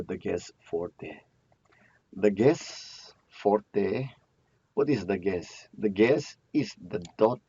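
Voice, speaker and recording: A man's voice: fairly low pitch, warm tone, slightly rough. Guy teaching grammar, repeats himself a lot, asks then answers, muffled lo-fi sound. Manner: repeats key terms, asks and answers his own questions. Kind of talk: classroom lecture. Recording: dull lo-fi recording.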